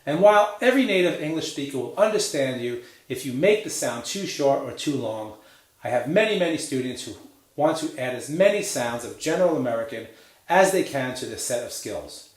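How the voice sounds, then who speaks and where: A man teaching a pronunciation lesson, drilling vowel sounds slowly and cheering the learners on to repeat after him. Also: medium pitch, lively intonation, roomy sound. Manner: slow, drawn-out drilling of vowel sounds with encouraging prompts.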